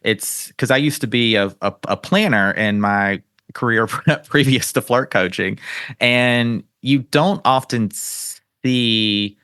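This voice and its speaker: A man's voice: medium pitch, slow pace, bright, forceful tone, clear, resonant tone, no echo, studio quality. A man with a North Carolina Southern accent, hosting a podcast as a flirt coach in an upbeat, chatty, affirming way. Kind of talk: casual interview chat.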